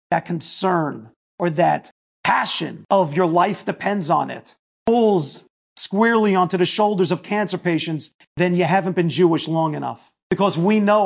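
A man's voice: high voice, creaky. Emphatic man telling his own story. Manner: emphatic, builds to near shouting. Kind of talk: personal storytelling lecture.

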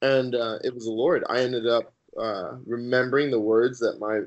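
Guy on a podcast sharing his testimony, earnest, lots of ums, normal-pitched voice. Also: fairly even intonation, highs cut off. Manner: earnest, halting storytelling with many fillers. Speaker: podcast guest. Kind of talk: personal faith testimony.

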